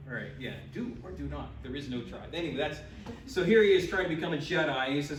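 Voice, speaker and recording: A man preaches a sermon in an animated, conversational way, often rising to loud exclamations. His voice sits a little high for a man. He is picked up from a distance, with plenty of church echo and a faint hiss underneath. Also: fast. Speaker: pastor. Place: church sanctuary. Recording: echoey church, mic from a distance.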